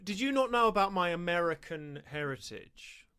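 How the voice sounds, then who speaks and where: A man's voice: sits high, expressive, moderate pace, a crowd in the background. A British man co-hosting a podcast, chatting casually in a joking, rambling way. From Britain. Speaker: podcast co-host. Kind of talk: casual chat.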